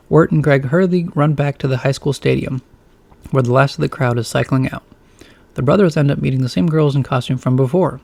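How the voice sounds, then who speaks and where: A man narrating a novelized storybook in a plain, steady reading voice. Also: medium pitch, a little fast, vocal fry, dry recording.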